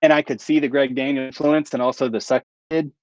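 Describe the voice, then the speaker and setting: A man's voice: mid-range voice, fairly even intonation, brisk, no room sound. Guy rambling on his stream, laughs at his own stuff, kinda muffled dry mic. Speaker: channel host. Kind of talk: casual livestream chat with viewers.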